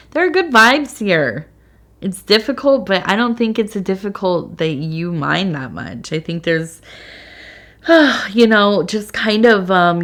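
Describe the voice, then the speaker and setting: A woman's voice: deep voice, a bit bright. A middle-aged woman hosting a casual tea leaf reading, rambling and meandering with lots of fillers. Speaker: tea leaf reader, channel host.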